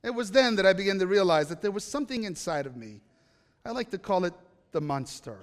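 Speaking briskly and expressively in a high-sitting voice, a man addresses a live audience in a reverberant hall. He relates a personal story in a chatty style, regularly asking the audience questions.

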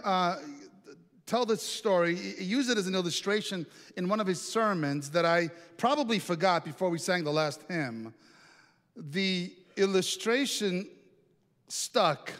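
A male pastor tells a story from the pulpit in an easy, chatty way, often turning to ask the congregation questions. His voice sits on the high side for a man. The sound carries a long reverb from a large hall. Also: a bit bright. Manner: conversational, asks the congregation questions. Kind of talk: storytelling sermon.

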